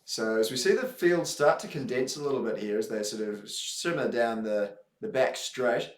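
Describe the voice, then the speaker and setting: Dry, teasing race commentator. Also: male voice, mid-range voice, moderate pace. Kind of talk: casual live race commentary. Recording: roomy streaming setup.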